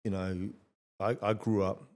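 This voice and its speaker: A middle-aged man hosting a podcast, telling blunt, energetic stories in casual conversation and swearing freely. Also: deep voice, measured pace. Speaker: podcast host.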